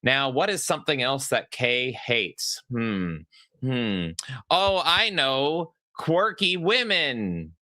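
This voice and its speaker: Guy hosting a gaming podcast, ribbing his cohost, clear bright voice, no room sound. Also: mid-range voice, sing-song, slow, dry recording, studio quality. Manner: teasing, jokey. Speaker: podcast host. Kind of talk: casual gaming podcast chat.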